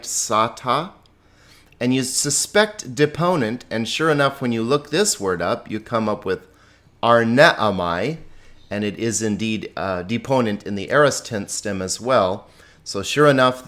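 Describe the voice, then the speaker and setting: A male teacher walking students through a grammar lesson at a slow, deliberate pace. His voice sits in an ordinary middle range. He stresses key words and chuckles lightly as he explains. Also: mid-range voice, fairly bright tone. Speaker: Greek teacher.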